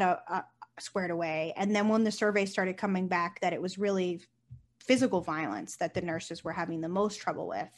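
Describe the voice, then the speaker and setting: Nurse lady chatting on a podcast, lively, acts out what people said, swears a bit. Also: fairly low pitch. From United States. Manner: animated storyteller, acts out quotes, swears casually. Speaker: nurse and founder, guest. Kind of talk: casual interview talk.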